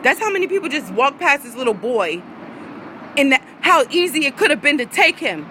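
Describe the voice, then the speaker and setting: A woman's voice: high-pitched, sing-song, a little fast, bright, forceful tone, a little hiss or hum, rough recording. Angry woman ranting. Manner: heated, profane and repetitive. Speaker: vlogger. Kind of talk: angry rant to viewers.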